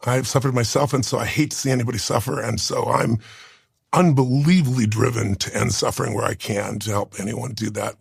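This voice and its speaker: A man's voice: medium pitch, creaky, slightly rough, no room sound, studio quality. A man in his sixties, a guest on an interview show, telling an emotional personal story earnestly. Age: 60s.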